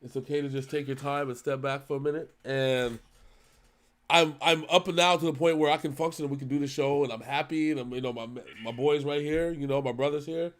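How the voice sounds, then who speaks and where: Earnest halting man, fairly high voice. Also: fairly even intonation. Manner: earnest, halting, with many restarts. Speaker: reaction channel co-host. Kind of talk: emotional casual talk.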